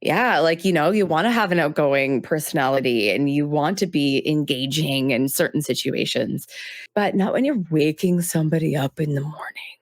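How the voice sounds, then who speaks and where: A young adult woman co-hosting a casual podcast chat about a TV show, animated and laughing often. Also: low voice, moderate pace, dry recording, clean studio sound. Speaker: podcast co-host.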